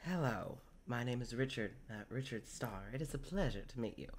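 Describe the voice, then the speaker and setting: A game master voicing Richard, a polite, smooth nobleman, in a low, hushed voice during a live tabletop game. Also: animated, fairly quick, close to an everyday voice. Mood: courteous.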